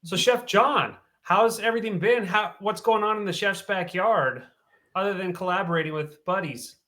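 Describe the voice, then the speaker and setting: A man with a fairly high voice co-hosts a casual food podcast. He is friendly and jokey, and he keeps the talk moving with questions. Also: moderate pace, pushed and bright. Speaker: podcast co-host. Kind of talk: casual chat.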